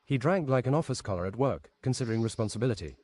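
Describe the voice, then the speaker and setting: Man deadpan reading a story on stream. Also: medium pitch, racing, a little hiss or hum.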